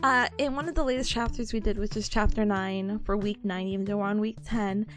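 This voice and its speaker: A woman's voice: mid-range voice, fairly even intonation, brisk. A woman streamer chatting casually with her viewers, bubbly and giggly, full of fillers. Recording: faint music behind voice. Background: faint background music.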